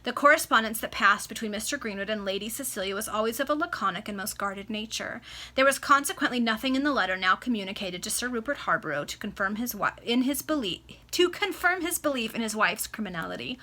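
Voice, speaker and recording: A woman narrates a classic novel aloud for friends, expressive and casual, stopping now and then to fix a word. Her voice is bright and crisp. She is heard through a video call microphone. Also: fairly high pitch, quick pace. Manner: expressive, occasional self-corrections. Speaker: reader.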